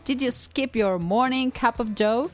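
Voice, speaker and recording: A woman's voice: fairly high pitch, unhurried. A woman hosting a podcast, reading a scripted English-lesson dialogue in a cheerful, teasing way and laughing often. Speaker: podcast host.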